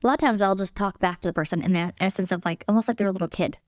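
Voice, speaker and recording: A woman real estate agent as an interview guest, calm and easygoing as she talks. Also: mid-range voice, very fast, no echo, studio quality. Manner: calm, easygoing, laughs easily. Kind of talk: casual interview chat.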